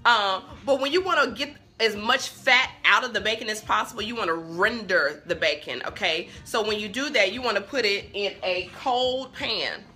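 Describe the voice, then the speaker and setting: Chatty bright-voiced woman cooking on a livestream. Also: medium pitch, normal speed, hardly any pauses, faint music behind. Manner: chatty, talks straight to viewers, sidetracked easily. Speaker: cooking show host. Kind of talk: live-stream cooking chat. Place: home kitchen with bacon sizzling in a pan. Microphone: phone on a stand.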